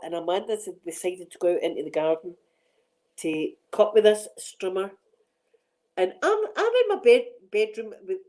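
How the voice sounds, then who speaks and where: A woman's voice: mid-range voice, dark tone, rough recording. A middle-aged Scottish woman hosting a casual chat on her ASMR channel, rambling and laughing often.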